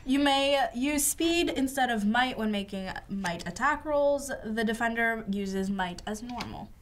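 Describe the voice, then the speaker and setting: A woman's voice: on the high side, animated, measured pace. A woman playing in a board game session, brief and matter-of-fact as she reads her card. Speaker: player.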